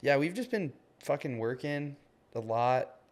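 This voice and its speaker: Unhurried and lively in intonation, a man in his twenties speaks in a mid-range voice as a podcast co-host. His casual chat is loose and meandering, heavy on "like" and "man."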